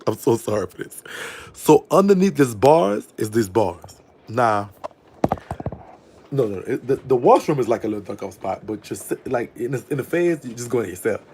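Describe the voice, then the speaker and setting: A man tells a personal story to camera in a loose, campy manner, swearing freely. His voice is mellow and warm, and a faint noise sits under it. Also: mid-range voice, sing-song, moderate pace, poor audio. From Louisiana. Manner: chatty, profane, campy, calls listeners "girl". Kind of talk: casual storytime chat.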